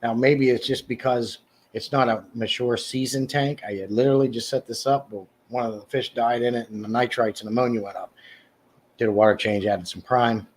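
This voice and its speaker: A man's voice: fairly even intonation, breathy edge. A man hosting a casual livestream, answering viewers' comments by name in a rambling way with frequent restarts. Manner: mock sales pitch, slow and emphatic. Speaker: livestream host. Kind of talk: casual live chat reading comments.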